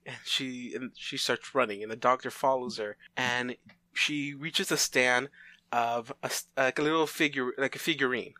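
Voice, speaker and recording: A man's voice: medium pitch, fairly even intonation, normal speed, pushed and bright, no room sound. A man casually retelling a made-up story plot, rambling with fillers and restarts and briefly voicing the characters in quotes.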